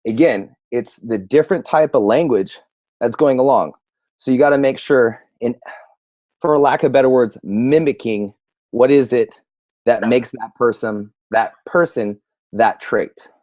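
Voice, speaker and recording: A man's voice: mid-range voice, moderate pace, a little mellow. A man chimes in on a team call in an easy, conversational way. His voice comes through muffled and lo-fi, with no room echo at all. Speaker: co-host coach. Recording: dry, muffled lo-fi sound.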